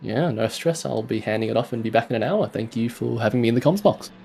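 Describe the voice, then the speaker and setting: A man's voice: mid-range voice, lively intonation, quick pace, creaky, a little mellow, slight background noise. A man commentating on a live sim race in casual, joking banter.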